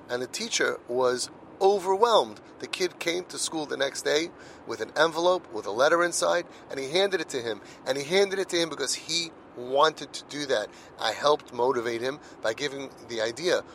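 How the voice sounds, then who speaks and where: A man's voice: medium pitch, normal speed, a bit bright, a little hiss or hum, low-quality recording. Earnest middle-aged man telling family stories. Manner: earnest, anecdotal, repeats words when emphatic. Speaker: parenting speaker. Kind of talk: heartfelt monologue.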